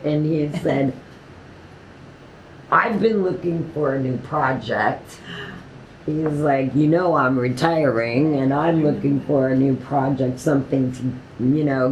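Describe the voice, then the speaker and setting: Low-voiced woman telling a story slowly. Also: roomy sound, slight background noise, rough recording. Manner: animated retelling with quoted dialogue and laughter; frequent "like" fillers. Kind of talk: casual storytelling.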